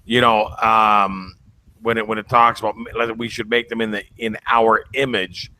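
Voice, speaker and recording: Male host, lowish bright voice, playful and emphatic in chat. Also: flat delivery, moderate pace, low-quality recording. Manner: jokey, emphatic. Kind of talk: casual online talk.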